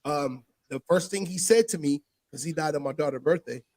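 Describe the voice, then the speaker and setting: Speaking briskly in a slightly high voice, a man shares a personal story during a relaxed podcast conversation, animatedly voicing the other characters. At the emotional parts his voice sinks almost to a whisper. The audio is studio quality with no echo.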